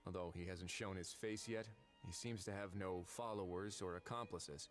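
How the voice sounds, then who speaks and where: A man voicing a calm, formal adult official in a game, speaking in a measured way. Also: low-pitched, faint music behind, natural voice. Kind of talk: game voice acting.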